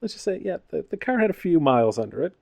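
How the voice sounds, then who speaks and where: A man hosting a podcast, prompting his guest with questions and quick asides. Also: sits high, big pitch swings, gravelly, darkish tone. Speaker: podcast host. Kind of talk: casual chat.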